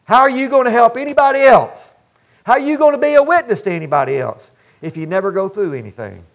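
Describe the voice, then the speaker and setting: Older male pastor, unusually high voice, folksy emphatic sermon delivery with call-and-response. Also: animated, quick pace, vocal fry. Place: church sanctuary.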